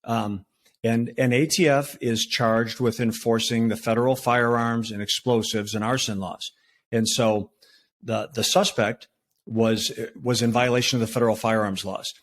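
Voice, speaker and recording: A man in his sixties recounts his past at an easy pace, his voice sitting at an ordinary middle pitch. He talks loosely, with plenty of fillers and restarts, like a guest on a podcast. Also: moderate pace, a little hiss or hum. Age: 60s. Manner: relaxed, with frequent fillers and restarts. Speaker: retired federal agent, podcast guest. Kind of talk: conversational storytelling.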